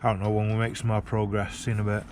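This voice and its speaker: A car vlogger talks fast in a fairly low, completely flat voice with a darkish tone, swearing bluntly as he works on a car at a roadside. He's filmed outdoors on a handheld camera mounted on a gimbal, and there's a little hiss or hum.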